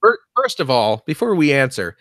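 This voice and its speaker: Bright-voiced man, casual podcast chat. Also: medium pitch, very animated, no echo, clean studio sound. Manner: earnest, halting restarts, jokey asides. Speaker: podcast co-host.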